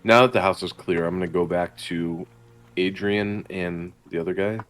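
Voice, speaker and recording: A man playing a tabletop game describes his character's actions in a casual, blunt way. His voice sits low. Faint music plays underneath. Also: fairly even intonation, moderate pace, fairly bright tone. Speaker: player.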